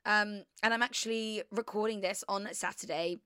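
A woman's voice: mid-range voice, steady tone, moderate pace, sharp tone, clear, resonant tone, no echo, studio quality. A young woman, hosting a casual confessional chat, rambling and chatty with lots of fillers. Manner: rambling, chatty, heavy use of "like". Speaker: podcast host.

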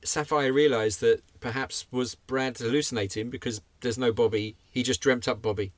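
A man co-hosting a comedy podcast, chatting enthusiastically with halting restarts. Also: medium pitch, steady tone, no echo. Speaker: podcast co-host. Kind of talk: casual chat.

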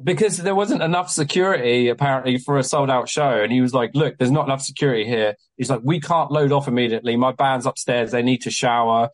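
A young man on a podcast telling a long story in a casual, animated way, swearing often and acting out what people said to him. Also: medium pitch, fast, few pauses, poor audio. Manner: animated, swears a lot, acts out quoted exchanges. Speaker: guest, venue promoter.

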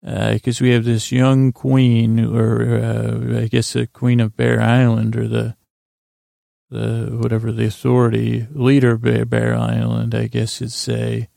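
A man's voice: medium pitch, monotone, a little slow, creaky, dark tone, dry recording, clean studio sound. A man casually recapping a TV episode in a meandering way, full of fillers and restarts. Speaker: podcast host recapping a TV episode.

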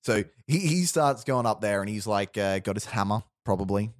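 Man, low voice, dry close sound, rambling storyteller among friends. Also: expressive, moderate pace, no room sound. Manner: rambling, restarts, quotes characters in low voice. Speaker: storyteller pitching a movie plot. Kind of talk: casual chat.

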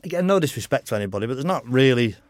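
Middle-aged racer telling rambling stories, dry sound. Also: male voice, medium pitch, animated, very fast, no echo. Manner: rambling anecdotes, lots of "you know", frank and swearing. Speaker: motorcycle racer guest. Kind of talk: casual podcast interview.

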